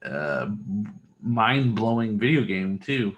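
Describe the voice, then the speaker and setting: A man's voice: lowish voice, sing-song, takes it slowly. A man co-hosting a podcast, telling long rambling stories in casual chat and swearing freely. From Texas. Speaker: podcast co-host.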